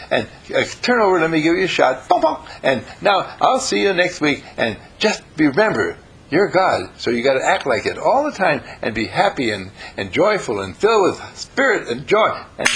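A man preaching through a lively story, playful and animated, with a gravelly, husky voice. His pitch sits a bit high and swings widely. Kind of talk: storytelling sermon.

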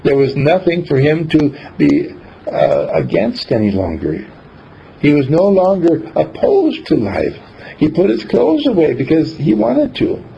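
A man giving a motivational talk, telling a story in an animated way and acting out the scenes. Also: on the high side, measured pace, vocal fry. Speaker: speaker. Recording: dull lo-fi recording, faint hiss.

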